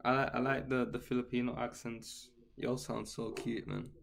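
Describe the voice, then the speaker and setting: A man's voice: medium pitch, little pitch movement, unhurried, vocal fry, a little hiss or hum. A man chatting casually with viewers on a live guitar stream and reading their comments aloud.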